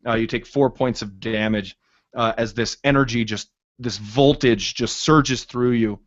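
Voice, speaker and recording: A man narrating a tabletop game as game master, in a halting way with many fillers. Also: medium pitch, no room sound, muffled recording.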